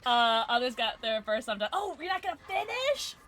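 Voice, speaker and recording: A young woman streaming a game from home on a desk microphone, chatting excitedly to her viewers and breaking into shouts and laughter. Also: high voice, normal speed, slight background noise. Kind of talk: live gameplay commentary.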